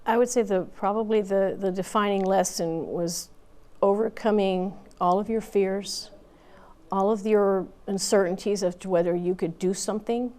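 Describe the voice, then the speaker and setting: A woman's voice: mid-range voice, steady tone, normal speed, a little mellow. A woman in her fifties, a Marine Corps veteran, telling her story candidly in an interview with plenty of fillers and restarts.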